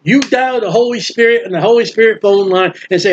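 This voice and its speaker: A man teaching a Bible study sermon in a lively, animated way, playing out the voices of people in the story. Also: sits high, fairly quick, a little hiss or hum. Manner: animated, acts out bystanders' mocking voices. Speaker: preacher. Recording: dull lo-fi recording.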